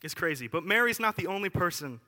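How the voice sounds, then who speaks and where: Young male preacher, fairly high and forceful voice, talky and animated, casual sermon delivery, long hall reverb. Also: quick pace. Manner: animated, chatty, lots of asides and filler words.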